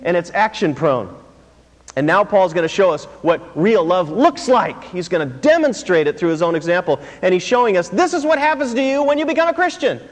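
A man preaching a sermon as pastor, drawing call-and-response answers from the congregation and repeating words for emphasis. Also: high voice. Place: church sanctuary. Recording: long hall reverb.

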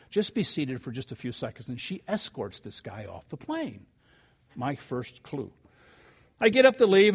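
An older man preaching a sermon, telling a story with animated rises and quiet asides before reading scripture. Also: a little high, breathy edge. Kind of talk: sermon with anecdote.

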